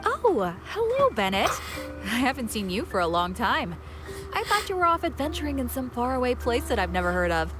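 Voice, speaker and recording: A brisk, teasing souvenir shopkeeper in a video game. Her voice is fairly high and very lively, and loud game music plays behind her. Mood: chatty. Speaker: game character.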